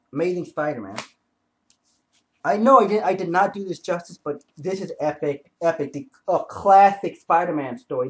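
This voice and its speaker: Excitable man with a high speaking voice, casual comic book reviewer. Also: low-quality recording. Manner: excitable, retells scenes with quick asides and restarts. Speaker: comic book video host.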